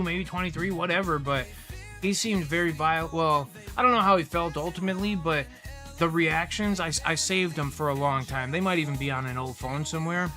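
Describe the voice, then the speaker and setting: A man chats casually on a livestream, spinning long, rambling customer stories peppered with swearing. His voice sits a little high and comes across bright and forceful, with faint music playing underneath. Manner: rambling, profane, animated retelling of customer stories. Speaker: livestream host. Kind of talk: casual storytelling chat.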